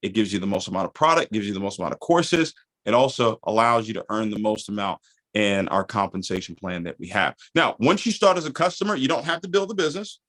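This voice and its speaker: A man's voice: on the low side, animated, fast talker, fairly bright tone, rough recording. A man hosting a call, giving a persuasive, upbeat sales presentation.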